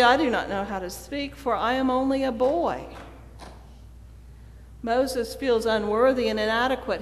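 A woman preacher delivering a sermon in a storytelling manner, acting out the quoted dialogue. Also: a little high. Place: church sanctuary. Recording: long church reverb.

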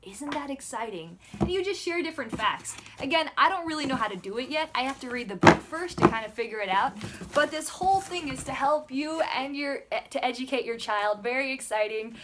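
Young mom vlogger, high voice, bubbly and excitable, noisy home recording. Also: female voice, a little fast. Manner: bubbly, excitable, talks to her toddler. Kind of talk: casual unboxing vlog. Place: home room with backdrop.

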